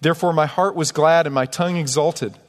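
A man's voice: on the high side, brisk. A man preaching a sermon as pastor, emphatic, reading scripture aloud between his own points. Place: church sanctuary. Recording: long church hall reverb.

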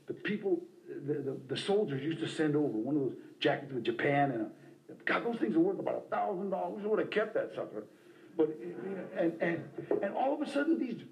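A middle-aged man tells his own story at a recovery meeting, animated and impassioned, and throws in other people's voices as he goes. His voice sits high for a man and swings widely up and down. The sound is a roomy hall captured on cassette tape. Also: gravelly, dull audio. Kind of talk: personal storytelling talk.

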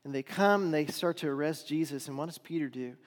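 A man preaching a sermon, retelling a story with dramatic swings between loud and hushed delivery. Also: fairly high pitch, brisk, big-room sound.

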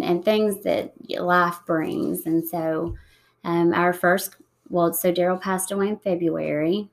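Woman, 30s, low gravelly tone, soft reflective guest, unhurried with pauses. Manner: soft-spoken, reflective, with many pauses and fillers. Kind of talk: emotional interview conversation.

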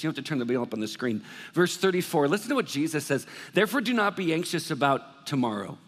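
High-voiced pastor in a reverberant hall. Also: male voice. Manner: conversational, animated, acts out worried voices. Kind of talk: sermon. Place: church hall. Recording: long reverb of a large hall.

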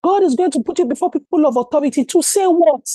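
A woman's voice: high voice, fast, dark tone, dry recording, rough recording. A woman preaching a sermon in church, firing rhetorical questions and acting out short scenes. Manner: emphatic, asks rhetorical questions, acts out little scenes.

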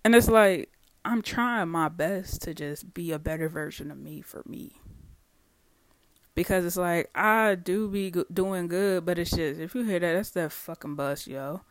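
A solo podcast host speaks in a blunt, heavily profane monologue. The voice sits in a middle pitch and swings between loud, heated stretches and quieter ones. The recording is dry and close, with little room sound. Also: a little slow, no echo.

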